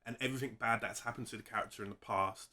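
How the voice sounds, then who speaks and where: A man in casual conversation about a film, talking with eager enthusiasm and breaking into laughs. His voice has a bright, forward ring at an ordinary pitch. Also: fairly even intonation, rapid-fire. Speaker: film review co-host. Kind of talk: casual film review chat.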